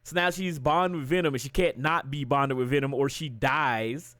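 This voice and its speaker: Speaking at normal speed in a mid-range voice with no room sound, a man livestreams a casual chat. He retells a story in an animated rant packed with swearing.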